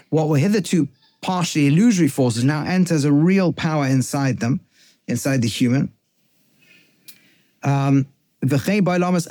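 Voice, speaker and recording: Male rabbi-teacher, warm low-brightness tone, close dry sound, alternates Hebrew text and English explanation. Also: dry recording. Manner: reads Hebrew lines aloud, then translates and explains them; thinks aloud with frequent restarts and self-corrections. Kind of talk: text study lecture.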